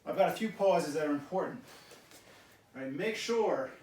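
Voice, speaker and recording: A man teaching karate, coaching a workout class with brisk instructions and short barked commands. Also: a little high, lively intonation, darkish tone. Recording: echoey room, mic far off.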